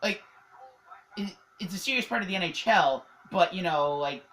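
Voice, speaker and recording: A hockey vlogger from Canada giving a casual, excitable recap, rambling with lots of fillers and laughs. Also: medium pitch, normal speed, poor audio.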